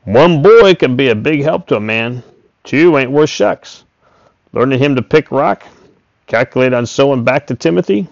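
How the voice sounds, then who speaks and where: A man's voice: mid-range voice, lively intonation, unhurried, gravelly, no echo, voice pushed up. A man voicing a talkative old male farmer and horse trader who coaxes in a folksy rural drawl. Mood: hollering sociably. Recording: dull, dry recording.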